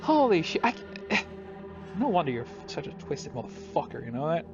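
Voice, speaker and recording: A man's voice: a little high, sing-song, moderate pace, dull audio. A man hosting a casual chat while drawing, ranting in exasperation and swearing freely. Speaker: host. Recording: music playing underneath.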